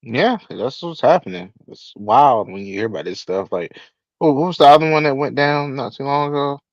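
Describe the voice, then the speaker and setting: A man's voice: medium pitch, normal speed, dry recording, highs cut off. A man co-hosting a tech podcast, chatting casually, laughing often and acting out little quotes. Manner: animated, laughing, acts out quotes. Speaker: podcast co-host.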